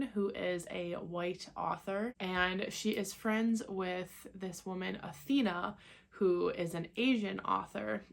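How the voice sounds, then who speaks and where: At home, a young book vlogger with a low, creaky voice chats casually about reading. She's loose and talkative, laughs easily, and fills her speech with "like" and other fillers.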